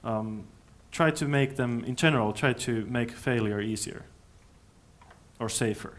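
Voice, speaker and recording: Guy at a conference answering questions, mid pitch, keeps restarting his sentences, thinking as he goes. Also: a little hiss or hum. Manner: thoughtful, halting, with many restarts. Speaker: conference speaker. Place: conference hall.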